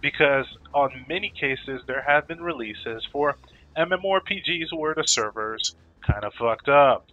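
A man's voice: medium pitch, lively intonation, unhurried, narrow, tinny audio, soft background music. Profane, joking gaming vlogger man. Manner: profane, laid-back, joking. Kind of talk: casual rant to camera.

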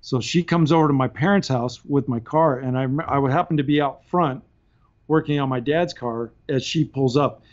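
A man's voice: medium pitch, moderate pace, darkish tone, highs cut off. A man, a podcast guest, telling casual stories and laughing through his anecdotes. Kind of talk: casual storytelling.

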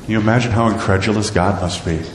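A man preaching a sermon as pastor, animated and asking his congregation rhetorical questions. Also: on the low side, fast talker, slight background noise. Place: church sanctuary. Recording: echoey church hall with long reverb.

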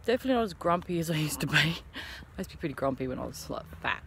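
A woman's voice: sits low, lively intonation, fast, vocal fry, a bit bright, a little hiss or hum. A woman in her thirties vlogging casually while out walking in the morning, talking encouragingly to the camera. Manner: chatty, encouraging, talks to camera. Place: outdoors on an early morning walk.

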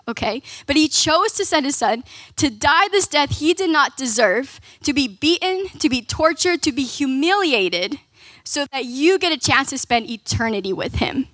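A young woman preaches to a youth group in a loose, conversational style. Her voice sits high, and she keeps tossing in "like" and "right?". The sound is dry and close, with no room echo. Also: bright, forceful tone. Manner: casual, conversational, many "like"s and "right?". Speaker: youth ministry speaker. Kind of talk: youth sermon.

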